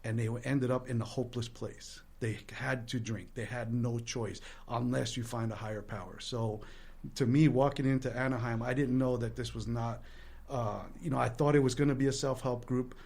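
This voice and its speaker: Brief: man, mid pitch, candid storyteller, self-deprecating, earnest. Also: darkish tone. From Latin American heritage. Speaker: guest sharing recovery story.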